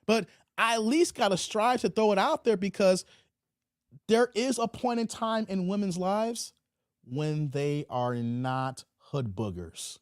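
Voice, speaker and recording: A man's voice: high-pitched, takes it slowly, dry recording, studio quality. A man hosting a livestream commentary, preachy and repetitive, often tacking "man" onto his lines. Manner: preachy, repeats phrases, drawls "man". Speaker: commentary channel host.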